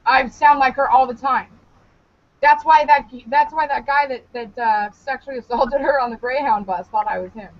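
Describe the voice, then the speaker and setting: Over dull, lo-fi podcast audio with a touch of background noise, a high-pitched young woman speaks at a moderate pace. As a co-host she tells a comedic story casually, animated and profane, laughing often and keeping things loose.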